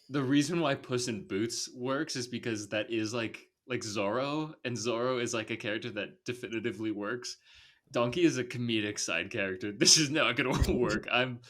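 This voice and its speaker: A man's voice: medium pitch, a bit bright. A young man hosting a casual movie podcast, laid-back with lots of fillers and frequent laughter. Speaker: podcast host.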